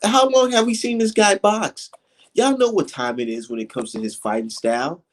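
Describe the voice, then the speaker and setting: A man hosting a casual live stream, talking fight talk in loose slang and getting animated as he rants. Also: moderate pace. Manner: animated, slangy, swings high when mocking critics. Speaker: livestream host.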